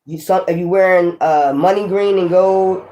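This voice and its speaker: A woman giving a casual tarot reading to viewers, cursing freely, animated and laughing often. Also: on the low side, normal speed. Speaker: tarot reader.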